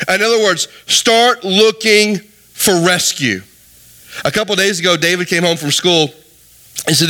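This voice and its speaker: A middle-aged man, preaching a sermon, telling stories with lively voiced quotes and asking the congregation questions. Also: high-pitched, fast. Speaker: pastor.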